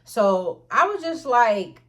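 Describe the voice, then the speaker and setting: A woman vlogger telling a storytime tale in an animated, profane way, often calling out to her viewers. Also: fairly high pitch, takes it slowly. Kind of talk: storytime vlog.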